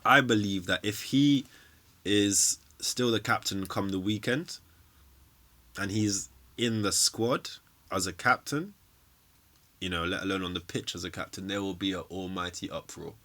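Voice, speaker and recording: A man's voice: low-pitched, a little slow, sharp tone. A young man, ranting casually and bluntly about his football team as a fan streamer, swearing freely.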